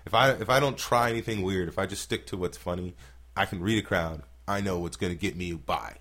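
Speaking low and fairly fast, a male comic tells stories on a laid-back podcast. His telling is animated and full of cursing, with other people's words acted out.

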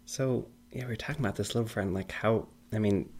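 Man, thirties, very low voice, rambling casual chat, animated storytelling. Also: fairly quick, husky. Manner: rambling, animated storyteller, acts out high-pitched dialogue.

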